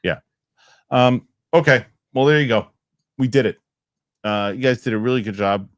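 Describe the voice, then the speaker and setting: A man's voice: mid-range voice, moderate pace, no echo, clean studio sound. A man hosting a casual live show, rambling loosely and reading viewer comments aloud. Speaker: host.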